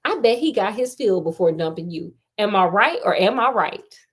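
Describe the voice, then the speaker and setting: A woman's voice: medium pitch, animated, moderate pace, breathy edge. A woman reading the lines of a blunt, unfazed teenage girl who smokes and teases the others. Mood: teasing.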